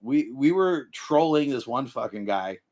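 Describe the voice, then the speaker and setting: A middle-aged man hosting a livestream, giving profane, animated life advice and breaking into yelled impressions. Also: mid-range voice, unhurried. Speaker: livestream host. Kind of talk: profane motivational rant.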